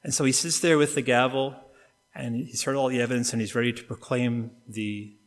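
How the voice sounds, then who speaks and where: A middle-aged Canadian man preaching a sermon, telling a story and acting out the quotes, getting suddenly quieter or louder and faster or slower. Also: medium pitch, steady tone. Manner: storytelling with acted-out quotes, wide swings in loudness and pace. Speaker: pastor. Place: church sanctuary. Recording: long reverb of a church hall.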